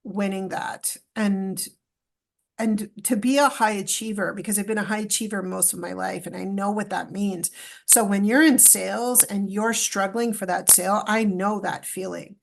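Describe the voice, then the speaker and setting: A middle-aged woman from Canada, a podcast guest telling a story in a lively, emotional way and acting out the dialogue. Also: mid-range voice, creaky, slight background noise. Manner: animated, acts out quoted dialogue, emotional retelling. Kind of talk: storytelling in a casual interview.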